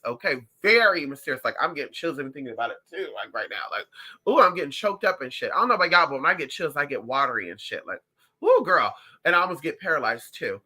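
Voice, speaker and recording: A psychic vlogger chatting casually to viewers, sassy and animated, calling them honey and girl. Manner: animated, swings up and down in pitch.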